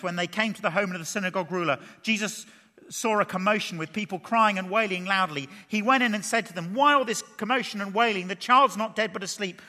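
A man preaching an expository sermon in a church hall. He is lively, asks the audience questions and drops playful asides. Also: high voice. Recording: long reverb of a large hall.

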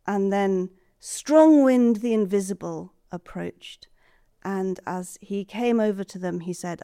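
Storyteller woman, soft and expressive, dry close sound. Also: mid-range voice, slow pace, clear, resonant tone, dry recording. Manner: soft, expressive, drops to whispers. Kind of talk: oral storytelling.

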